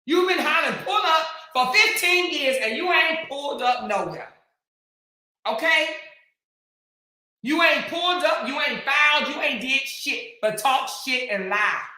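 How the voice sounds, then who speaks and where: A woman hosting a commentary channel, scolding and taunting in a heated rant with drawn-out emphasis and bursts of shouting. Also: sits high, animated. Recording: very echoey room.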